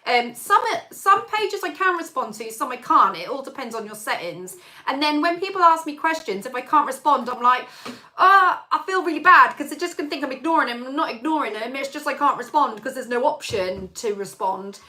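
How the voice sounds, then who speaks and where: A woman chats on a live stream, telling a long, rambling story full of fillers. Her voice sits a little high and sounds strikingly bright and sharp. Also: animated, brisk. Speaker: singer hosting a live chat stream. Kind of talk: casual live-stream chat.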